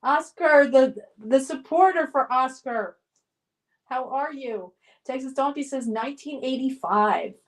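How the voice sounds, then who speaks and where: High-pitched woman, middle-aged, live streamer, casual chat, reads comments aloud, upbeat, lots of ums. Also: measured pace. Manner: reads viewer comments aloud and chats back; nostalgic and upbeat, with frequent fillers.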